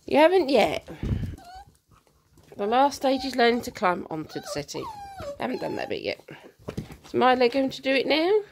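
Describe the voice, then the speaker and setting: A woman's voice: high-pitched, huge pitch swings, moderate pace, long pauses, slight background noise. A woman filming her puppies at home, chatting and cooing to them in a sing-song baby-talk way. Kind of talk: casual chat to dogs while filming. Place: indoor living room at home. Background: puppies playing.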